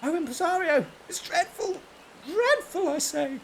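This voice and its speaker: A man voicing a distraught, fussy noblewoman in a game, in a shrill, theatrical falsetto. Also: lively intonation, a little slow, gravelly, a little hiss or hum, heavily acted. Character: distraught fussy noblewoman who lost her pet. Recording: game music behind the voice.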